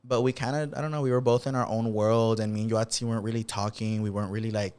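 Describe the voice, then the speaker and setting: A man's voice: lowish voice, little pitch movement, fast, darkish tone, clean tone. A man co-hosting a podcast in casual chat, reacting with gasps and laughter and swearing casually. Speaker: podcast co-host.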